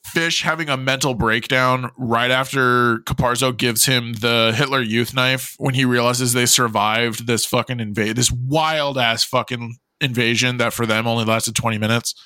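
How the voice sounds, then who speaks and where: A man's voice: mid-range voice, fairly even intonation, moderate pace, hardly any pauses, pushed and bright, smooth, no echo. A man co-hosting a casual movie podcast, blunt and emphatic, swearing freely. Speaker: podcast co-host.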